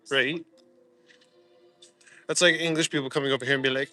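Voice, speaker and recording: Out for a walk, a young man from Canada live-streams and reads viewer comments aloud, staying laid-back, cracking jokes, and laughing a lot. He speaks in a mid-range, fairly even voice with a sharp tone, moving briskly but leaving long pauses, while faint music plays behind him.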